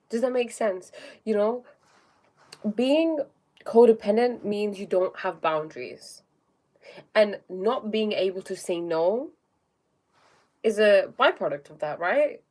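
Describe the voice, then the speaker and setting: A woman's voice: medium pitch, animated, a little slow, darkish tone. Woman chatting on a spiritual livestream. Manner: often tags sentences with "okay?"; reads viewer comments aloud and greets them. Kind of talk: casual livestream talk.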